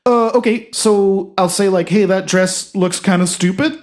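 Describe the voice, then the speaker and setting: A man voicing a dim, boastful baseball slugger who hosts the show, talking in a goofy, excitable, crude way in a comedy sketch. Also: high-pitched, unhurried. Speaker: host.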